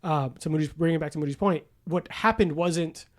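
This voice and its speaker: A man's voice: a little high, fairly quick. A man in his forties hosting a podcast, telling stories in casual chat with lots of laughter and swearing, acting out the voices of people he quotes. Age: 40s. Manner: profane, laughing storyteller who acts out quoted voices. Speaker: podcast host.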